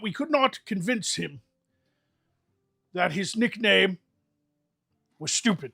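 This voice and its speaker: A man hosting a livestream fantasy role-play, delivering a rambling, mock-solemn eulogy with animated comic timing. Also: high-pitched, slow pace, creaky, pauses often, slightly rough. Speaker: host leading an improvised fantasy guild meeting.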